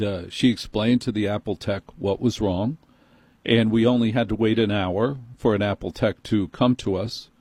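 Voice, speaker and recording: A man's voice: on the low side, darkish tone, dry recording. A middle-aged man with a New York accent telling a story as an exasperated, ranting comic monologue.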